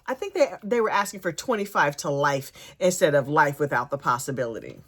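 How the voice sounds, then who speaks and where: A woman hosting a gossip channel, recapping news with animated, playful, sassy asides. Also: deep voice, fairly quick, hardly any pauses, breathy edge.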